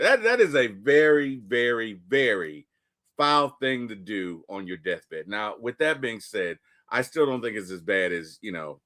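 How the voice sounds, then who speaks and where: Animated man retelling a movie. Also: medium pitch, no echo. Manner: animated storytelling, acting out characters in quick asides. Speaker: podcast co-host. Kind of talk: casual movie discussion.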